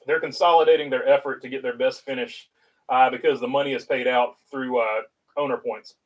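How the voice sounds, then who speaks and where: A man's voice: medium pitch, fairly even intonation, moderate pace, recorded from a distance, poor audio. A man with a North Carolina Southern accent hosting a casual livestream, reading viewer chat aloud and rambling with lots of filler uhs.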